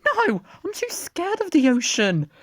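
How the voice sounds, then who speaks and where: A storyteller voicing a timid male amphibian dinosaur in a high, fearful voice. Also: wildly swooping pitch, measured pace, no room sound, clean studio sound, full character voice. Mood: scared.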